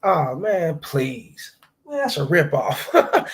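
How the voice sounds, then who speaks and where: A man's voice: mid-range voice, huge pitch swings, slow pace, breathy edge. A man around forty hosting a casual livestream, talking profanely and reading viewer chats aloud. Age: late 30s to early 40s. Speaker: livestream host.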